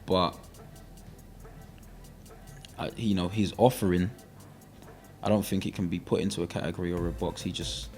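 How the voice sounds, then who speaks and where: A young man with a South London accent, a rapper being interviewed in relaxed casual chat, filling pauses with "you know". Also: low voice, soft background music. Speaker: rapper guest.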